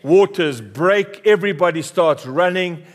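A man's voice: high-pitched, unhurried. A middle-aged South African man, a pastor, preaching a passionate sermon with emphatic repetition.

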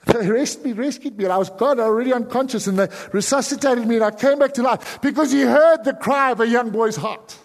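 A South African man preaching a sermon as pastor, dropping to hushed pleading and then rising to sudden loud cries. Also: extremely high pitch, brisk, hardly any pauses, in a large hall.

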